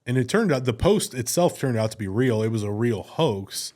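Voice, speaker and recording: A man's voice: mid-range voice, expressive, moderate pace, darkish tone. A middle-aged man speaking as a guest in a casual conversation, earnest and rambling, often restarting his sentences.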